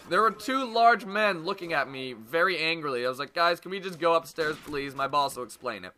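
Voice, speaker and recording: A man's voice: fairly high pitch, brisk, hardly any pauses, a little hiss or hum. A young man casually telling a story to his viewers in a vlog, swearing freely and acting out what others said. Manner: animated, profane, acts out quoted voices. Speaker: YouTube vlogger.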